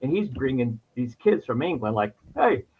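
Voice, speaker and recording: A man's voice: mid-range voice, very animated, normal speed, noisy background. Talkative New man, dull lo-fi audio. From New York. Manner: talkative, rambling, restarts a lot. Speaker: insurance agent, podcast guest. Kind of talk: casual interview chat. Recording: dull lo-fi sound.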